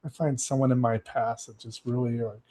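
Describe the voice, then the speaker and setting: Male podcast host from Texas, casual and animated, does quick voices for the people he quotes. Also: mid-range voice. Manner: animated storyteller who acts out quoted voices. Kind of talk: casual chat.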